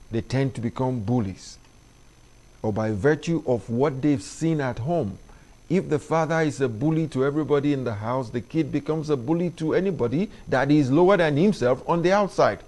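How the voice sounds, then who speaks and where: A middle-aged man, hosting an opinion monologue addressed to parents in an emphatic, preachy way that climbs in pitch on his key points. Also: a little mellow. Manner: preachy, emphatic, rises sharply when stressing points. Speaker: commentary show host.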